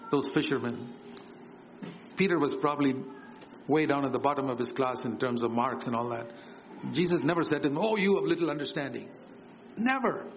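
A man preaching a sermon, emphatic and repetitive, lifting his voice for quoted words. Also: a little hiss or hum. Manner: emphatic, repeats key phrases, swings higher for quoted words. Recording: dull lo-fi sermon recording with faint ambience.

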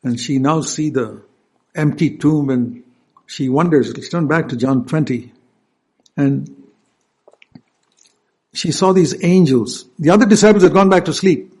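A man's voice: a little high, a little slow, pauses often, a little mellow, breathy edge. A male preacher giving an earnest sermon, stopping to explain scripture verses.

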